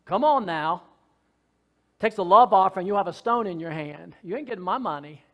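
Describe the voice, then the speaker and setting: A man preaches a sermon in a high, fervent voice. He is folksy and joking, drops to soft asides, then rises to loud shouted lines. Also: animated, normal speed. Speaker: pastor.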